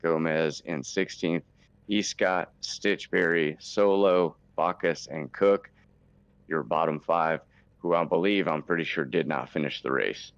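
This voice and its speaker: A man commentating on a sim race, reading out the finishing order in a steady, matter-of-fact way. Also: very deep voice, a little slow, smooth, dry recording, muffled recording.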